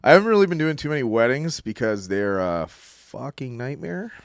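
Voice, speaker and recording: A man's voice: medium pitch, sing-song, normal speed, creaky, no echo, studio quality. A man appearing as a guest on a live podcast, a photographer talking about his work in a laid-back way and swearing casually.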